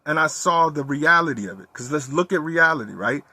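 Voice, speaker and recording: Young man, bright tense voice, dry close sound, casual profane monologue. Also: a little high, fairly quick, no room sound. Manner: candid, profane, animated storytelling. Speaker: vlogger.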